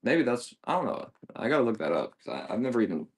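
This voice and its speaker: A man hosting a live sale of consoles and games, his voice gravelly with fry and jumping all over in pitch. He rambles, jokes and swears freely as he sells. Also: sing-song, fast. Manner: profane, rambling, joking. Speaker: seller on a live auction stream. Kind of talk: casual live-selling chat.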